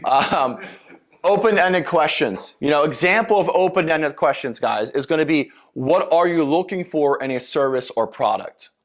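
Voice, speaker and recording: A man's voice: a little high, lively intonation, normal speed. A man from Philadelphia giving a sales seminar lecture, talking casually with many fillers and acting out sample sales lines. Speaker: sales trainer.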